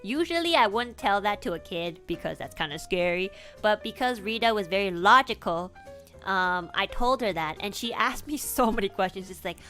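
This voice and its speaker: Young woman streamer, casual storytelling, animated and profane, bright forceful tone, light music behind. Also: medium pitch, moderate pace. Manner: animated, swears freely, laughs often.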